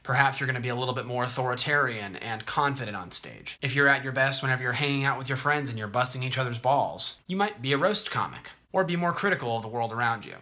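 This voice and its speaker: A man hosting an explanatory video, talking in a conversational, clear way. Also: mid-range voice, fast, hardly any pauses, sharp tone. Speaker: host.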